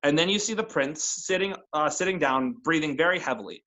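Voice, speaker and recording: Guy game master running a tabletop session, kinda high voice, lots of uhs and ums. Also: pushed and bright, rough recording. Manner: halting narration with many fillers. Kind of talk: narrating a tabletop game over a call.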